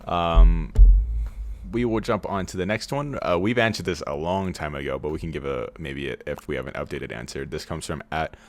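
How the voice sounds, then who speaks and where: A man's voice: very deep voice, moderate pace. A man co-hosting a casual podcast over a call, rambling and swearing a little, speaking in a raised customer-service voice. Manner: rambling, swears when frustrated. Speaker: podcast co-host.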